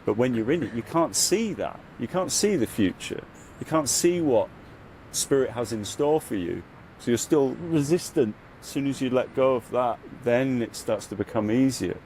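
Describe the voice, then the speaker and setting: A man, a podcast guest and spiritual guide, talking earnestly and reflectively in a casual interview, leaning on "you know" and getting louder when he recounts his ordeal. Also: medium pitch, expressive, moderate pace, a little hiss or hum.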